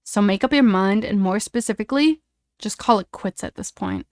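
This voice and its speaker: A woman's voice: medium pitch, monotone, drawn-out words, creaky, a bit bright, smooth, no echo, exaggerated voice. A cold young hockey player who cuts others down with clipped, icy words, read out by a woman. The voice sits close and dry. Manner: cold and cutting.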